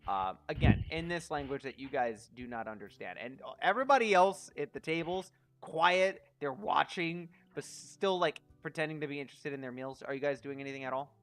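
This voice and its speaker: A man's voice: medium pitch, a bit bright. A man narrating a tabletop game as game master, hesitant with frequent ums.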